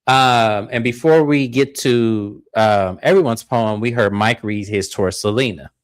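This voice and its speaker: A man co-hosts a reality TV recap, talking a little slowly in a clean tone with no echo. He tells the story in relaxed conversation and breaks into high-pitched impressions of the cast.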